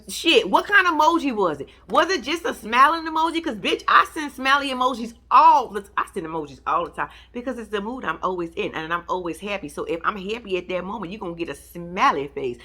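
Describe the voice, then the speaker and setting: A woman recapping a reality show in a casual, blunt, swearing style, throwing her pitch up high for emphasis. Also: expressive, fairly quick, pushed and bright.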